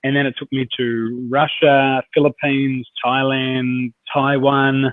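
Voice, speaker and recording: A man's voice: medium pitch, little pitch movement, slow, no echo. Man, from australia, rambling storyteller, lots of ums, dry tinny phone-like sound. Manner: rambling anecdotes with many fillers and restarts. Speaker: interview guest, performance coach. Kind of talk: conversational storytelling.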